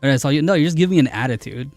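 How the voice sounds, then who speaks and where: A man with a fairly high voice argues with his live chat, breaking into laughter between his challenges. The sound is dry, with faint music behind him. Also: racing, darkish tone, no echo. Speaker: game streamer. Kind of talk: live stream chat reply.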